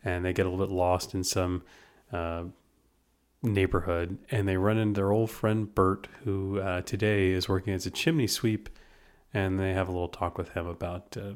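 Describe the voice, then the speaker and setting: A man co-hosting a podcast, talking in a relaxed, conversational way with some hesitations. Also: deep voice, normal speed. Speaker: podcast co-host. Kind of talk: casual chat.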